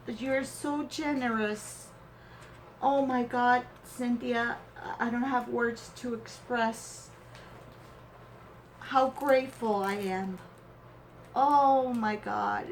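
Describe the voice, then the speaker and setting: Woman opening a craft swap box, super slow and halting, gushes over everything, faint hum behind. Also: a little high, fairly even intonation, low-quality recording. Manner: gushing and sentimental, exclaims often; halting, with pauses and fillers. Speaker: crafting vlogger. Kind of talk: unboxing a craft swap package.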